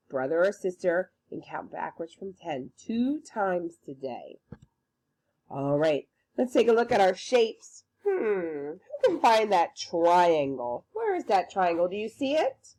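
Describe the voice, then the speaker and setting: A woman teacher leads small children through songs and counting in a sing-song, encouraging way. Her pitch leaps around with animation, and she takes her time. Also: warm tone. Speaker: preschool teacher. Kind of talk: online circle time for young children.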